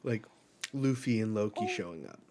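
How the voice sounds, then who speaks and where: A man's voice: lowish voice, lively intonation, moderate pace, noisy background. A man live-reading and reacting to a manga chapter in a casual, rambling way. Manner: casual, rambling, with filler words.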